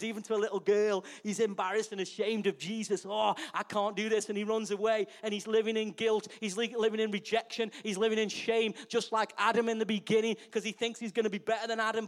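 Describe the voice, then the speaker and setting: A high-voiced pastor preaches a lively sermon. He draws the congregation in by turning to them again and again with rhetorical questions.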